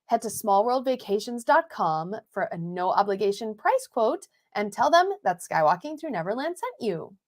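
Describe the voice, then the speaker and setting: A woman's voice: mid-range voice, big pitch swings, moderate pace, hardly any pauses. Bubbly, giggly woman podcast co-host. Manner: bubbly and giggly, with many "like" fillers. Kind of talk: casual live podcast chat. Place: home recording setup in Long Beach, California. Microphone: new podcast microphones.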